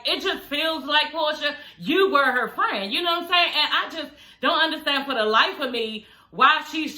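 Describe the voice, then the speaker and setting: A woman's voice: fairly high pitch, bright, forceful tone, roomy sound. A woman vlogger recapping a reality show from home in casual, slangy chat, laughing often, her speech slightly slurred by new dental aligners.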